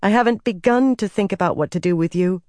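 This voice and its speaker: A narrator voicing a young woman leader who speaks in a cool, measured and commanding way. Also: medium pitch, darkish tone, no room sound, clean studio sound, voice pushed up, close to an everyday voice. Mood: firm. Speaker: Amyrlin.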